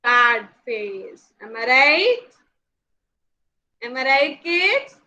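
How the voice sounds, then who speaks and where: A woman's voice: high-pitched, big pitch swings, very slow, pushed and bright, poor audio. A young woman with an Indian English accent teaching small children in an online class, playful and coaxing, asking lots of questions and laughing often. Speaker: nursery teacher.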